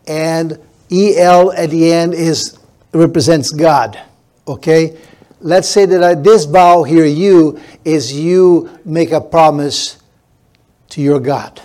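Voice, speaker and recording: Slow, deliberate preaching man. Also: a little high, a little mellow. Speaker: pastor. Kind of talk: sermon.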